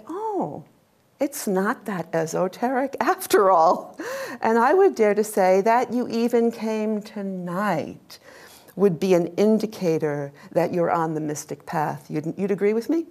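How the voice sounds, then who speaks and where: A woman's voice: medium pitch, lively intonation, a little slow, darkish tone. A middle-aged woman, a religious sister, giving a live lecture with slides to an audience, chatty, laughing often and asking the room questions.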